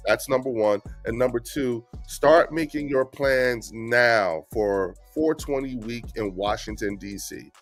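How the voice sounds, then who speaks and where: Man, blunt and animated guest, faint music underneath. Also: mid-range voice, measured pace, hardly any pauses. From New Jersey. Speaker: guest speaker. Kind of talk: casual activist talk.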